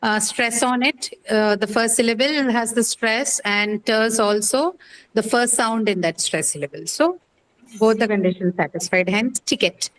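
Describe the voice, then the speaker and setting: A woman's voice: on the high side, moderate pace, slight background noise, poor audio. A woman teaching English pronunciation in a class, quizzing students patiently with many fillers and questions. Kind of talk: online class lecture.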